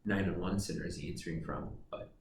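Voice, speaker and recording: Deep-voiced man explaining in a roomy room. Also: steady tone, brisk. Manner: explanatory, with fillers and dry jokes. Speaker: guest dispatcher. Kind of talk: casual podcast chat. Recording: roomy, distant mic with background noise.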